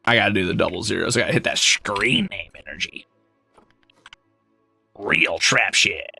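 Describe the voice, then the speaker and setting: A man chatting casually while streaming a game, playful and animated, with sudden squeals, mock scolding and casual swearing. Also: lowish voice, fast, gravelly, faint music behind. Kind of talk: casual game livestream chat.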